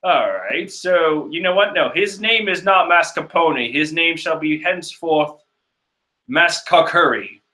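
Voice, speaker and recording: Young male reactor, bright tone, animated, joking. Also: a little high, a little slow, reverberant. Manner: animated, joking, chuckling asides. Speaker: comic reader and reviewer. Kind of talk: casual reading and reaction.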